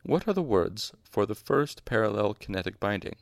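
A man reading aloud, voicing a stern male magic master who asks brisk, even questions. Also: lowish voice, vocal fry, dry recording, studio quality. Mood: questioning. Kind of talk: audiobook reading with voices.

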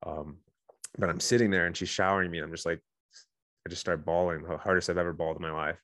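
A man in his thirties tells his own story as a guest, fast and heartfelt. His voice sits low and he speaks in quick bursts, circling back with restarts and "you know"s. The sound is dry and close. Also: little pitch movement, a bit bright, no room sound. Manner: earnest, emotional, many restarts and "you know"s. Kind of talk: candid personal storytelling.

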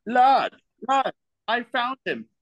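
A rowdy high British bloke. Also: male voice, expressive, slow pace, lo-fi sound, heavily acted. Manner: loud, brash, jeering. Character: rowdy young British bloke calling mates.

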